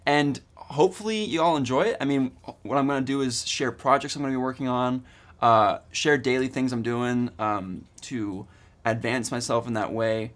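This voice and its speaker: A man's voice: medium pitch, moderate pace, fairly bright tone. A man in his twenties vlogging casually, rambling eagerly with lots of fillers and restarts. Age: 20s. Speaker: student vlogger. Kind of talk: casual vlog.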